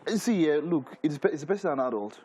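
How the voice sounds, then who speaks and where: A man's voice: on the high side, animated, fast, crowd noise. A man with a Nigerian English accent on a studio panel, earnest, often restarting phrases. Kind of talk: casual studio discussion.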